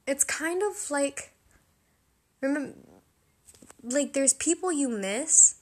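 A young woman with a slightly high voice chats casually to her audience. She rambles, leans on fillers and corrects herself as she goes. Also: lively intonation, slow, a little mellow. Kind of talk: casual confessional chat.

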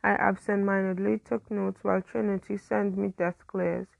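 A woman's voice: medium pitch, little pitch movement, moderate pace, creaky, dry recording, dull audio. A young woman casually reading a teen story aloud, stumbling and correcting herself now and then. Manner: reads with slips and self-corrections. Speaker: story reader.

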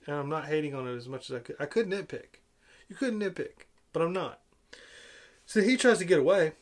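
A man giving a casual, opinionated film review, sarcastic and exasperated, with big swings in loudness. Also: fairly high pitch.

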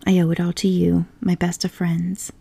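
A woman's voice: fairly low pitch, completely flat delivery, normal speed, vocal fry, warm tone, husky, exaggerated voice. A woman voicing a giddy, boastful male toad who murmurs in dreamy rapture, in a whispered role-play of a storybook.

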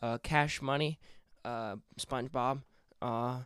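A man's voice: medium pitch, steady tone, slow pace, a bit bright, smooth, no echo, clean studio sound. A playful young man hosting a casual comedic podcast, joking around and telling puns. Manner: playful, jokey, freestyles and puns. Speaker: podcast host.

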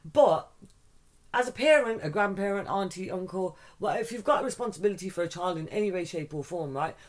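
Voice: mid-range voice, fairly quick. A middle-aged podcast host, telling a family story in casual chat, acting out the other people's voices and swearing casually. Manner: animated, mimics voices in stories, swears casually.

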